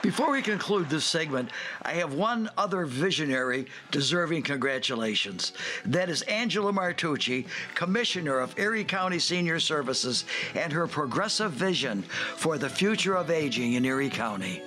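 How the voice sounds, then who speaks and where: Bright-voiced older man, motivational. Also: a little high, lively intonation, moderate pace. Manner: earnest, motivational. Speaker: fitness segment host. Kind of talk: scripted radio segment.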